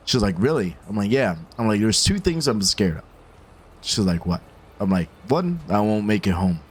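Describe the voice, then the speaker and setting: Male instructor, casual storyteller, slightly low voice, animated and loose. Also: normal speed, slightly rough. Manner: animated, laid-back, swears casually. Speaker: firearms instructor.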